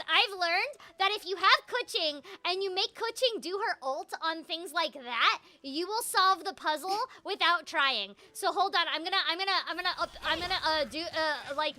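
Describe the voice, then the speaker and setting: Giggly young woman gaming commentary, super bright high voice, lots of "like". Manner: bubbly, giggly, fillers like "like". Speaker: voice actor streaming a game. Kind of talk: casual gameplay commentary.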